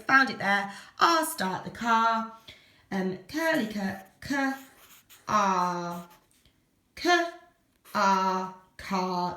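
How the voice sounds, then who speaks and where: A woman teacher demonstrating phonics and sentence writing, slowly sounding out letters and words. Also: mid-range voice, pushed and bright, echoey room. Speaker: primary school teacher.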